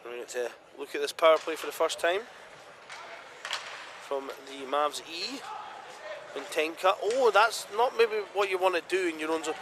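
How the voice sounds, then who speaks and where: High-voiced British man calling hockey. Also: noisy background. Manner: brisk calls that jump to excited shouts at big chances. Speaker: ice hockey commentator. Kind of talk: live play-by-play commentary.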